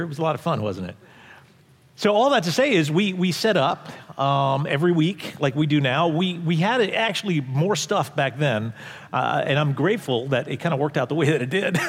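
A man preaching in a church service, telling a personal story in a conversational way, with restarts, going quiet at tense moments. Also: on the high side, big-room sound. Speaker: pastor. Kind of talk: sermon storytelling.

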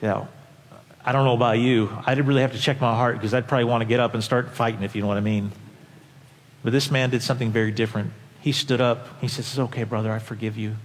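A man's voice: mid-range voice, steady tone, fast. Impassioned male preacher in a reverberant hall. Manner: impassioned, swings from quiet to loud. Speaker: pastor. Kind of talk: sermon.

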